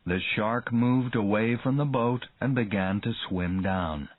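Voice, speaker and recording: Male narrator, slow and expressive, for a learner's reader; dry, tinny audio. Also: lowish voice, dry recording. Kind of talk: scripted story narration. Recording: tinny phone-like dry sound.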